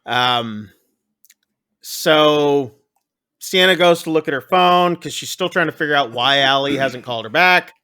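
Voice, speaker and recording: A man co-hosting a casual podcast, rambling through a movie recap and acting out characters' lines in quick voices. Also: fairly high pitch, sharp tone, smooth. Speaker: podcast co-host.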